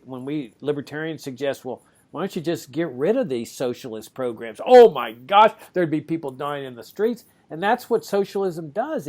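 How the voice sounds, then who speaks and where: A man from Texas, hosting a podcast discussion, animated and sometimes sarcastic, swinging his pitch up for emphasis. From Laredo, Texas. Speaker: host.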